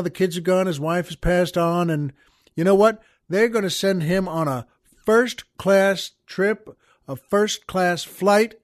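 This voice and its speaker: A man hosting a show, telling a long joke in an unhurried, folksy way and laughing at his own punchlines. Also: high voice, no room sound, studio quality. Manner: slow, folksy storyteller who chuckles at his own jokes. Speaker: podcast host. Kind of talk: joke telling and poetry reading.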